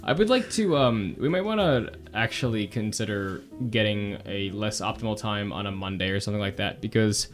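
A man's voice: fairly low pitch, animated, normal speed, few pauses, faint music behind. A young man co-hosting a college radio show, making wry remarks in casual chat. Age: young adult.

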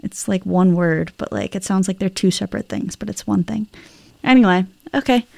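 A woman's voice: lowish voice, steady tone, brisk, creaky, dark tone. A young woman co-hosting a casual radio chat, talking in a rambling, chatty way full of "like" and self-corrections. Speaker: radio co-host.

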